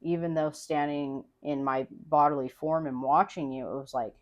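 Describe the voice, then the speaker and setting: A young woman with a notably low speaking voice talks frankly as a podcast guest. Her speech rambles in loose, casual sentences full of "like" and offhand swearing. The tone stays relaxed and conversational. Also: normal speed, lo-fi sound. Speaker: podcast guest, host's wife.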